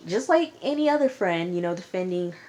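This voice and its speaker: A woman's voice: fairly low pitch, expressive, brisk, a little mellow. A woman casually recapping a reality TV episode in a chatty, slangy, exasperated way. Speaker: TV show reviewer.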